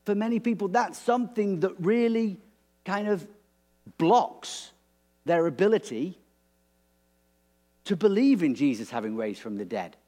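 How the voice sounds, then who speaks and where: Guy giving a chatty sermon, slow and easygoing, voice goes up and down a lot. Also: high voice. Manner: conversational, animated, with restarts. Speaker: preacher.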